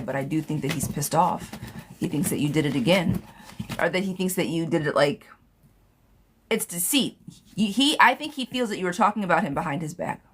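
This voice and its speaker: Woman doing tarot on a live stream, lowish voice, chatty and blunt, noisy background with clicks. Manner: chatty, blunt, reads questions aloud and repeats them. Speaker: tarot reader answering viewer questions. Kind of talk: casual live-stream chat.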